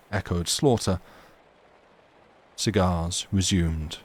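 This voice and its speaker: A man reading classic stories aloud on a livestream, with measured, dramatic narration and casual chat with viewers. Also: on the low side. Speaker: livestream reader.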